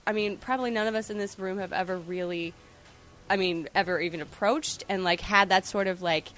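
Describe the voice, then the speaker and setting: A woman in a casual group chat, asking a halting, rambling question full of fillers. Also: medium pitch, steady tone, fairly bright tone.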